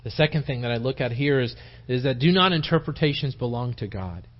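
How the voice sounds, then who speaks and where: A dull lo-fi tape captures a lay preacher's informal church Bible study. The man's mid-range voice moves fairly quickly as he rambles through a conversational sermon, often beginning sentences again and dramatizing the quotes.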